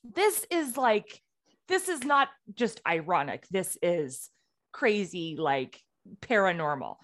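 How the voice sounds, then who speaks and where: Animated storytelling woman, lively pitch. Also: takes it slowly. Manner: animated storytelling, acts out quotes. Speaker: podcast co-host. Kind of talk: casual chat.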